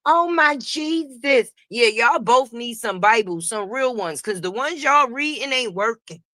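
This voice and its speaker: A woman hosting a casual gossip commentary stream, profane and animated, talking straight to her viewers. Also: fairly high pitch, moderate pace, no echo, studio quality. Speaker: host.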